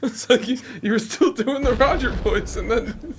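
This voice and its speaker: A man's voice: very high voice, moderate pace, a little hiss or hum. A man co-hosting a podcast in casual, opinionated chat, often laughing. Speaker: podcast co-host.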